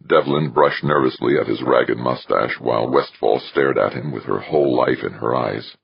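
A man narrating an audiobook in a steady storytelling voice, giving each character a voice. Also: very deep voice, moderate pace, creaky, hardly any pauses, husky, no echo. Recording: dull lo-fi dry recording.

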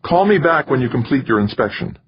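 A man voicing a brisk, businesslike female mission controller who gives crisp instructions. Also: mid-range voice, big pitch swings, dull audio, voice pushed up.

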